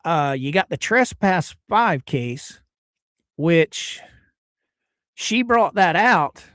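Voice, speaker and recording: A man's voice: on the high side, lively intonation, very slow, a bit bright, dry recording, clean studio sound. A man hosting a casual live stream, chatting and greeting viewers by name while hedging on legal details. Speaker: livestream host.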